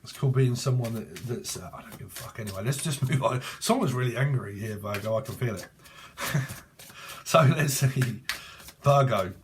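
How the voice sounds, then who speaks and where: A man's voice: mid-range voice, moderate pace. A man in his forties gives a casual tarot reading to camera. He is blunt and profane and laughs often, and there is faint noise behind him. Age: 40s. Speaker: tarot reader.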